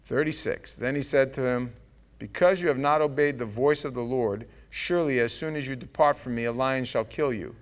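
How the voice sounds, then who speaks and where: A man's voice: medium pitch, moderate pace. A man preaching a sermon, joking and acting out the scripture with voices. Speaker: pastor.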